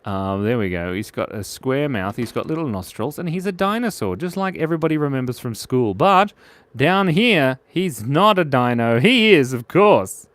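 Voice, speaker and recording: A man's voice: mid-range voice, very animated, moderate pace, a bit bright, no echo. An Australian man hosting a live drawing stream, chatting playfully with viewers and giggling at their jokes. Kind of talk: casual live drawing chat.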